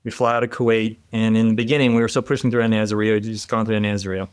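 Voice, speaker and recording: A middle-aged man, a former military helicopter pilot, telling a war story as a podcast guest in a casual, animated way, laughing and restarting often. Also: fairly low pitch, rapid-fire, clear, resonant tone, dry recording.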